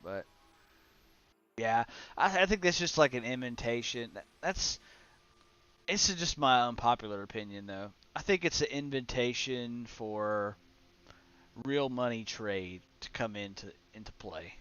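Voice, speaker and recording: Slow, muttering young male game streamer. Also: medium pitch, fairly bright tone, smooth. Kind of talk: casual gameplay streaming chat. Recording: slightly dull lo-fi stream audio with faint music.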